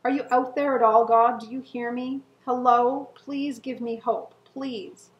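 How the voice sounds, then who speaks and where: Middle-aged woman, somewhat high voice, earnestly reading her old journal entries aloud in an echoey room. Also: fairly even intonation, measured pace, dull audio. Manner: earnest and emotional, with soft laughs and sighs. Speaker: co-host.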